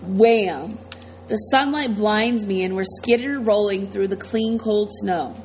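A woman's voice: mid-range voice, takes it slowly, slight background noise, poor audio. A woman reading a first-person novel aloud as audiobook narrator, in a tense, dramatic way.

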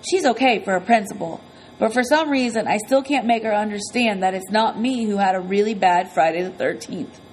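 A woman's voice: mid-range voice, a little fast, a little hiss or hum, low-quality recording. Brief: woman narrator, first-person audiobook, earnest conversational storytelling, mid-range voice.

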